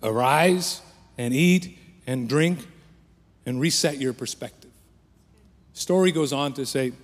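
A pastor preaching a sermon with passion, his voice rising for prayers and dropping low for quiet points. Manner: impassioned preaching that swells then drops to a hush. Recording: long hall reverb.

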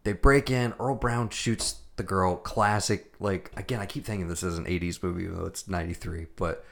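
A man co-hosting a casual movie-review podcast. His voice sits fairly low, and he talks in an animated, profane way, slipping into the characters' lines as he retells scenes. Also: brisk, vocal fry. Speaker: podcast co-host.

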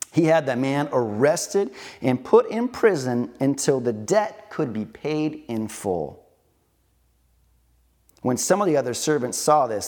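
A man preaching a sermon, retelling a parable with casual asides to the congregation. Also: mid-range voice. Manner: conversational, animated storytelling, rhetorical asides. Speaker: pastor.

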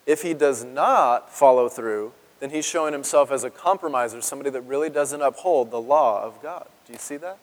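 A man's voice: medium pitch, a little fast, hardly any pauses, long reverb tail. A man preaching a sermon as pastor, talking conversationally and asking his congregation questions. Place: church sanctuary.

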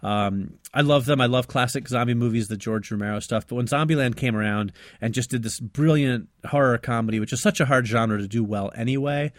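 A man's voice: mid-range voice, fairly quick, few pauses, no echo. A man in the middle of his range talks with fluent enthusiasm, walking through a film's plot for a casual podcast. The sound is dry and close to the mic. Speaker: podcast co-host. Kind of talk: casual movie podcast chat and recap.

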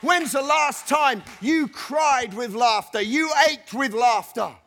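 A man preaching a passionate sermon, shouting and lilting into a sing-song delivery. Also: very high voice, slow, a little hiss or hum. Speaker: pastor.

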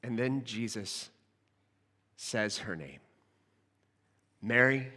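A man preaching a sermon, retelling a scripture scene with expressive storytelling that drops to a hush and rises with excitement. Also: sits high, moderate pace, in a large hall. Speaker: pastor.

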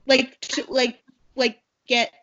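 A woman's voice: high-pitched, completely flat delivery, slow, a bit bright. Rambling chatty woman, lo-fi. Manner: rambling, many fillers and asides. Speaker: podcast co-host. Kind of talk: casual chat recapping a movie. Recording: dull lo-fi sound.

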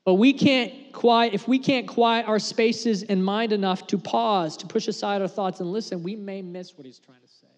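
A man preaching a sermon as pastor, earnest and conversational, dropping to a hush for emphasis. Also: high voice, steady tone, normal speed, hardly any pauses, in a large hall. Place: church sanctuary.

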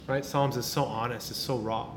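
A man's voice: medium pitch, steady tone, moderate pace, a little hiss or hum. A male pastor preaching an informal sermon, talking in a casual way with restarts and many tag questions. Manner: conversational, repeats words, many tag questions.

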